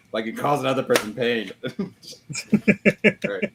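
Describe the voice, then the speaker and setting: A man's voice: medium pitch, animated, measured pace, long pauses. Chatty joking man hosting a noisy stream. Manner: chatty, jokey, laughs often. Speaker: livestream host. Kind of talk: casual chat while repairing computers. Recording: noisy livestream audio.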